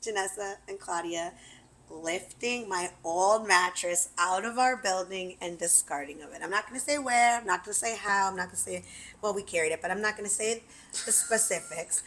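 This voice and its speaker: A woman's voice: medium pitch, moderate pace, poor audio. A woman in her twenties, co-hosting a casual chat and telling a story with lots of swearing, acting out what she said back then. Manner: animated, swears freely, acts out her own past lines loudly. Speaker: podcast co-host.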